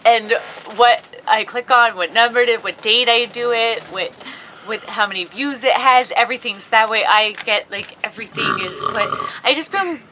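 A woman's voice: fairly high pitch, moderate pace, pushed and bright, slight background noise. A woman co-hosting a casual podcast, talking bluntly and crudely and giggling often. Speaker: podcast co-host. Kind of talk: casual chat.

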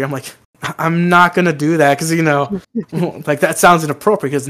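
A man co-hosting a podcast, telling a crude story loudly and swearing often. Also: a little high, quick pace. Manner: loud animated storytelling, swearing. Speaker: podcast co-host. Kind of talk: casual crude podcast chat.

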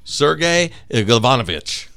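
Male comedy podcast host, lively and bright, plays jokes with mock-serious gravity. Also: medium pitch, slow, vocal fry. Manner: mock-serious, newscaster-style bits.

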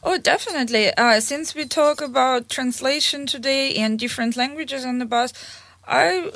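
High-voiced woman with a Russian accent. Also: normal speed, no room sound. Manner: lively, laughing anecdotes. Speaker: guest. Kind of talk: storytelling in casual chat.

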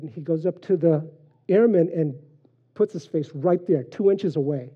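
Husky man preaching, dull recording. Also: on the high side, normal speed, dark tone. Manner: conversational preaching with frequent fillers and anecdotes. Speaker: pastor. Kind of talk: sermon.

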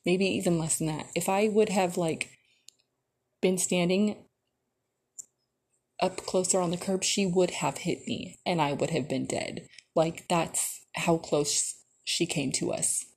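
A young woman hosting a podcast, telling stories in a casual, animated way and swearing freely. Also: fairly low pitch, creaky, breathy edge. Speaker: podcast host. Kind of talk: casual storytelling.

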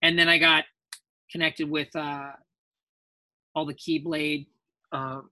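A man talks as a guest voice actor in a relaxed interview. His voice is bright and forceful. He rambles through anecdotes and acts out the people he quotes. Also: fairly high pitch, takes it slowly. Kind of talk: casual interview storytelling.

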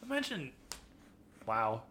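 A man's voice: medium pitch, wildly swooping pitch, takes it slowly, a crowd in the background. Joking young man hosting a chat. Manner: joking, laughs often, playful sing-song riffs. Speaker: podcast host. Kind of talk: casual chat.

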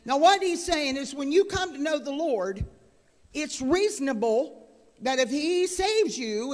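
Woman preacher on a handheld mic, fervent, chatty asides then loud, long church reverb. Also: high voice, animated, measured pace. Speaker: guest preacher. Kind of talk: sermon. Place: church sanctuary. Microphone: handheld microphone.

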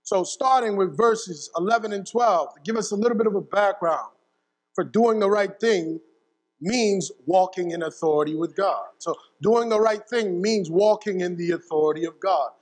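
A man's voice: sits high, normal speed, long reverb tail. A young man preaching a sermon, telling a family story with asides and frequent checks of "right?" to his listeners. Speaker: pastor.

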